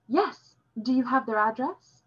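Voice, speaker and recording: A woman voicing a kindly, wise older woman teacher who speaks gently and reflectively. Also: high-pitched, expressive, unhurried, slightly rough, highs cut off, voice pushed up, heavily acted. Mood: helpful.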